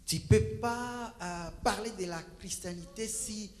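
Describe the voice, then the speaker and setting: A man interpreting a sermon live, hesitant and pausing on fillers. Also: high voice, darkish tone. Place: church. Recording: church hall with long reverb.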